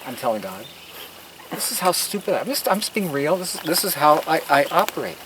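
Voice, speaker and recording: A man's voice: a little high, sing-song, a little fast, a bit bright, rough recording. A man giving an outdoor tour of his garden, telling stories in an earnest, emphatic way with preacher-like asides. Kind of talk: casual storytelling while giving a tour. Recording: outdoor noise on a field recording.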